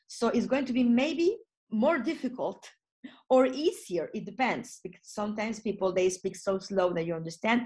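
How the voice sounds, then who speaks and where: A woman's voice: medium pitch, normal speed. A woman trainer leading an online lesson on phone English for tourism staff. She speaks in non-native phrasing with frequent restarts. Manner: lively teaching, acts out short phone dialogues.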